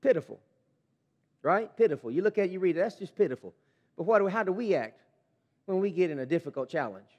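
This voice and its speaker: A man preaching a sermon as pastor, reading scripture and commenting with animated emphasis. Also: high voice, fast talker, pauses often, big-room sound, highs cut off. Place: church sanctuary.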